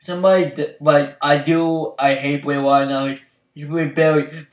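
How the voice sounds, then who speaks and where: Young guy ranting, high voice, echoey. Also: moderate pace, distant mic. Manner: excitable, swings from shouting to mumbling. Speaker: wrestling fan vlogger. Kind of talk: heated ranting. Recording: echoey room, voice off-mic.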